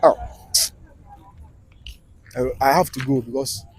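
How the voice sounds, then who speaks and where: A man with a Ghanaian accent giving casual live football commentary, switching between Twi and English in animated rants. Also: mid-range voice, takes it slowly, low-quality recording.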